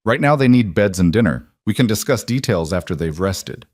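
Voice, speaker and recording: A man's voice: lowish voice, animated, brisk, a little mellow, no room sound, clean studio sound. A man doing a curt, guarded rancher. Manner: curt, terse.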